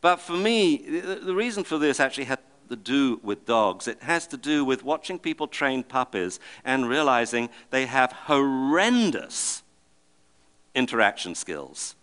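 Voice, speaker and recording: A middle-aged man giving a talk to an audience, telling lively stories and acting out the voices in them. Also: medium pitch, a little slow, clean tone. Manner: animated, acts out the voices of the people and dogs in his stories. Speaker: speaker giving a public talk.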